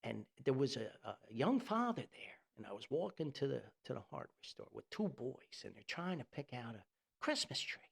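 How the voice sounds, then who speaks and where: A man hosting a podcast, telling a nostalgic family story in a folksy, animated way. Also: medium pitch, normal speed, gravelly, slightly rough.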